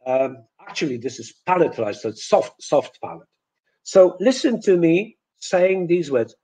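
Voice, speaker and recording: A man teaching pronunciation in a webinar, repeating example words one by one with frequent pauses and self-corrections. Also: on the high side, expressive, mellow, husky, poor audio. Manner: repeats example words slowly to demonstrate sounds. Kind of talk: webinar lesson.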